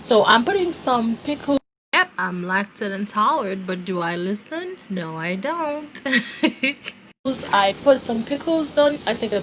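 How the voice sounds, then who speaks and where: A woman's voice: a little high, expressive, unhurried, a bit bright, slight background noise, rough recording. A woman chatting casually to her viewers while she cooks at home, laughing at herself as she goes. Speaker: home cooking vlogger. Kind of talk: casual cooking demonstration. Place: home kitchen.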